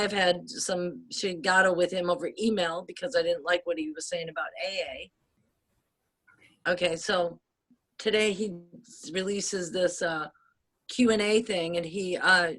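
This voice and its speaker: A bright, clear-voiced woman from the United States talks in casual chat. She rambles with restarts, gets animated, laughs often and swears freely. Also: fairly low pitch, a little slow.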